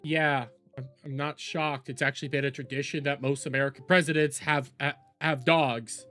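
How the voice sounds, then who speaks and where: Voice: medium pitch, fairly even intonation, normal speed, a bit bright, soft background music. A streamer doing live reaction commentary, profane, sarcastic and mocking.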